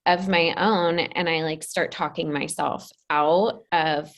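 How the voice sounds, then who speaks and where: Woman client, lowish voice, anxious and rambling, fillers everywhere. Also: fairly even intonation, takes it slowly. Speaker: coaching client. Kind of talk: casual talk on a coaching call.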